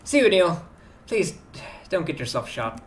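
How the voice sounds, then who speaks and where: Guy reading a worried mom, kinda soft and quick, voice moves around a lot. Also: a little high, big pitch swings, faint music behind. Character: anxious mother, caring and worried. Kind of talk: reading game dialogue aloud.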